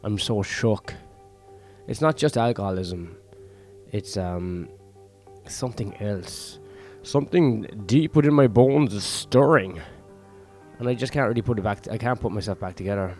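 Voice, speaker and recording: Low-voiced man ranting, swearing freely. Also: moderate pace, darkish tone, soft background music. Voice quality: profane, ranting and rambling, many fillers. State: sweaty and worn out. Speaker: vlogger. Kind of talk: rambling casual monologue.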